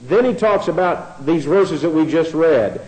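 A man's voice: fairly high pitch, expressive, measured pace, a little mellow, low-quality recording. A man giving a sermon-style Bible study, explaining in a conversational way, often restarting his sentences and spelling out words letter by letter. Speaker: Bible teacher.

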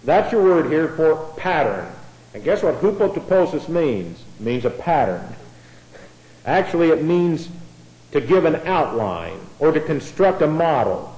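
A man's voice: on the high side, very animated, measured pace, a little mellow, poor audio. A man giving a sermon-style Bible study, explaining in a conversational way, often restarting his sentences and spelling out words letter by letter. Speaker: Bible teacher.

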